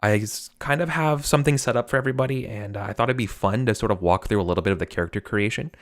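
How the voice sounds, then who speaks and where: Chatty low-voiced American game master. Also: male voice, very fast. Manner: rambling, chatty, laughs often. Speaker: game master and stream host. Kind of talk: casual live-stream game intro.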